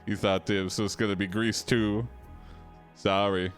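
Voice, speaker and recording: A man voicing a leather-jacketed greaser biker who talks like a flat, sarcastic robot. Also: on the low side, unhurried, soft background music, voice pushed down, lightly acted. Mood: deadpan mocking.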